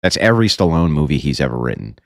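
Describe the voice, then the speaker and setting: A man's voice: a bass voice, very animated, quick pace, no echo, studio quality. A man giving blunt, profane, mocking commentary while reacting to news clips.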